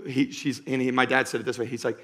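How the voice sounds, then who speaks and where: A man preaching a sermon to a live congregation as pastor, driving points home by repeating them and moving between loud urging and slow, quiet emphasis. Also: mid-range voice, level tone. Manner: emphatic, repeats key lines for stress. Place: church stage before a live congregation.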